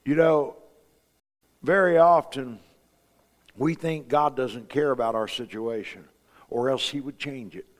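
A man's voice: medium pitch, unhurried, pauses often, big-room sound. A man preaching a sermon in a folksy, storytelling way, asking his congregation rhetorical questions. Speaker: pastor.

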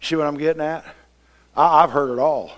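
A man preaching a sermon, swinging between quiet, conversational passages and loud, impassioned outbursts. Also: on the high side, steady tone, brisk. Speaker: pastor.

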